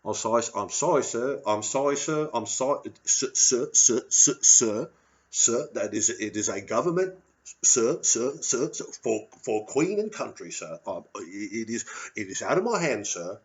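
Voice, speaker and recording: A man's voice: mid-range voice, expressive, unhurried, dull audio, natural voice. A man voicing an overly polite British official who keeps apologizing and calling someone sir. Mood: fawning. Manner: repeats "sir" obsequiously.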